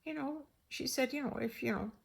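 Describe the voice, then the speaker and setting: An older woman telling a personal story in a rambling, animated way, acting out the dialogue. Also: sits high, a little fast, gravelly, slightly rough. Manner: rambling, animated, acts out dialogue in shifting voices.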